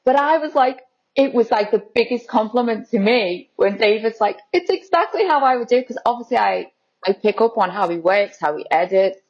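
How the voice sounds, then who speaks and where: A woman in a casual interview who tells stories with lively excitement, slipping into quoted voices as she goes. Her voice sits at an ordinary pitch, and the recording sounds a little dull and lo-fi. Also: moderate pace. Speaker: guest, content creator.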